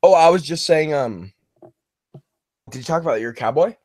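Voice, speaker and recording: A man's voice: a little high, animated, moderate pace, darkish tone, dry recording, studio quality. Rambling young guy talking toy news. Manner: rambling, filler-heavy. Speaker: podcast co-host. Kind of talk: casual chat. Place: remote call.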